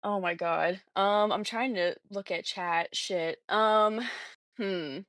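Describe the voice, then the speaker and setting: A woman's voice: mid-range voice, takes it slowly, fairly bright tone, no echo. Blunt, reactive woman on a livestream. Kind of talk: casual livestream chat.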